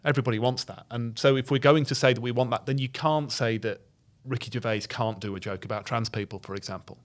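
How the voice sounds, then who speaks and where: A man, a comedy writer and guest, making his case in casual podcast chat, opinionated and quick to jump in. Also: mid-range voice, fairly even intonation. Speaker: comedy duo member, guest.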